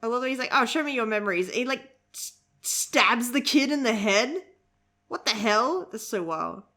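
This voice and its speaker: A woman's voice: fairly high pitch, expressive, a little slow, a bit bright. A young woman reviewing a manga chapter in a casual, rambling chat full of fillers and giggles. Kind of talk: casual reaction chat while reading aloud.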